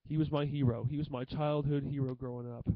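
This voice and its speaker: A young man talking to the camera in an emotional tribute monologue, halting and often repeating himself. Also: medium pitch, fairly even intonation, no room sound, dull audio. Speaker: vlogger.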